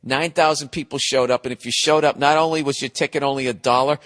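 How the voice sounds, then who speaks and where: A middle-aged man hosting a podcast, rambling casually in an animated, profane, sarcastic way. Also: mid-range voice, fast talker. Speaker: podcast host.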